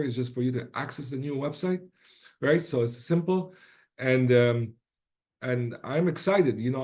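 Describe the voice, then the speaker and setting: A man closing out an online presentation in a voice that has gone a little hoarse. He talks informally with restarts and keeps checking in with his listeners. His pitch sits mid-range. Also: darkish tone. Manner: informal, many restarts and rhetorical "right?". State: slightly lost voice.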